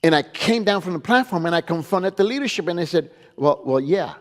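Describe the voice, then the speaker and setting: In a long-reverberating hall, a male pastor lectures with a high, expressive voice at a quick pace. His teaching style is emphatic, full of repeated phrases and "okay?" checks that hammer his points home.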